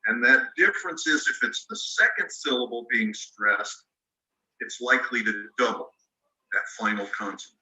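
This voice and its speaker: A man's voice: medium pitch, very animated, moderate pace, bright, forceful tone. A man teaching an online class, patiently explaining spelling rules step by step and spelling words out letter by letter. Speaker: ESL teacher. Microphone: video call microphone. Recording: roomy sound, mic at a distance.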